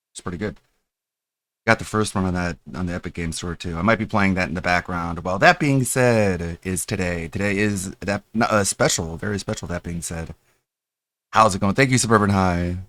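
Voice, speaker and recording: A man's voice: deep voice, a bit bright, no echo. A man hosting a live stream in casual, rambling chat with meme slang and loose restarts. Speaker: streamer host.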